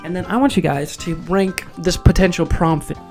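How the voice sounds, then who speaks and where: A teenage guy hosts a casual storytelling podcast, recorded on a phone mic. He's chatty and goofy, and his pitch jumps high when he acts out quotes. A clear guitar tune plays behind him the whole time. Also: fairly even intonation, moderate pace. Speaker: podcast host. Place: loud location. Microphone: phone microphone. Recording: guitar music playing behind.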